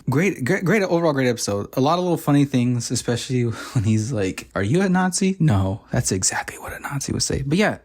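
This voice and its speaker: A man's voice: medium pitch, a little mellow. A young man rambling through a casual review of a show, full of fillers, restarts and frequent laughs. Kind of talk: casual video review chat.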